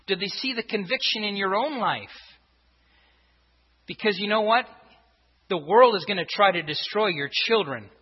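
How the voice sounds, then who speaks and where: A high-voiced, husky pastor preaches at a moderate pace with frequent pauses, reinforcing each point with repeated rhetorical questions. The sermon was recorded in a church sanctuary, sounding dull and full of reverb.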